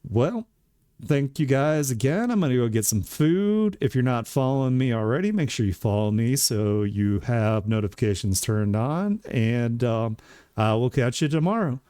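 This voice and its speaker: A man's voice: medium pitch, expressive, moderate pace, dark tone, clean tone, no echo, studio quality. A man chatting casually as a streamer while he makes art, laid-back and joking at his own expense.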